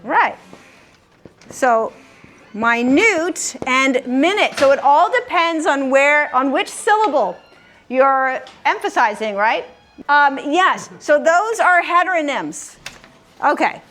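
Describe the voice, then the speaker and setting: Female quiz host, high voice, slow and patient, gives clues and repeats answers to her group. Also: expressive, fairly bright tone. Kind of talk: leading a live word game. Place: common room of a senior-living community.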